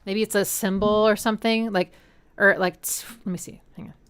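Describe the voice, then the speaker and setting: A woman's voice: medium pitch, fairly even intonation, a little fast, very noisy. A woman hosting a casual music analysis stream at home. She talks in an enthusiastic, chatty way and scats rhythms aloud to explain them. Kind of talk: casual educational music commentary. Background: faint song playing.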